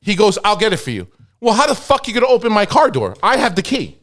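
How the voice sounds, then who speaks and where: A man, co-hosting a podcast, telling a story in a casual, profane, animated way and acting out the quoted dialogue. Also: sits high, fast talker. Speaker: podcast co-host.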